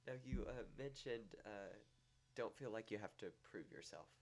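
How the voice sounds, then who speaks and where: Deep, quick-talking gravelly young man. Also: lively intonation. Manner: brief affirming interjections, quick. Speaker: podcast host. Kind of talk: casual interview.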